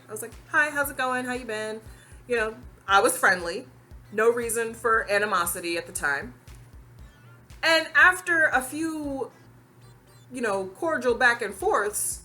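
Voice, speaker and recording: Young woman vlogger, casual storytime, bright voice, lots of pitch swing, laughs easily. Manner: animated, expressive, quick to laugh, acts out quotes.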